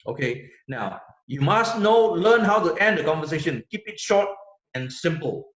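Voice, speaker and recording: Guy teaching a sales class, kinda high-pitched, keeps repeating himself and asking okay?, echoey room. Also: lively intonation, normal speed, fairly bright tone. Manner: emphatic, repeats words, tag questions like "okay?". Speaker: business trainer. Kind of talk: sales training lecture. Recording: echoey room, dull lo-fi sound.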